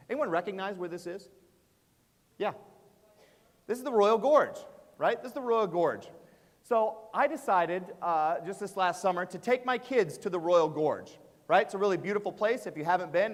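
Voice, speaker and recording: High-voiced man telling a story in a hall. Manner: animated storyteller, frequent "uh" and "right?". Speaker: education speaker and author. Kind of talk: storytelling keynote to teachers. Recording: long reverb of a large hall.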